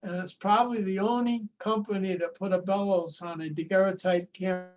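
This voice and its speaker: Folksy older New man, high voice. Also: fairly even intonation, fairly quick. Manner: rambling, folksy, with restarts. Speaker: show-and-tell presenter. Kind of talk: casual storytelling on a video call. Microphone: video call.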